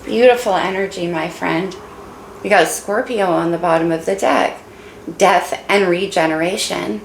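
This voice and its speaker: Tarot reader, woman, low gravelly voice that is fading, emotional and encouraging, echoey room with faint hiss. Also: unhurried. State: losing her voice. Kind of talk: casual tarot reading.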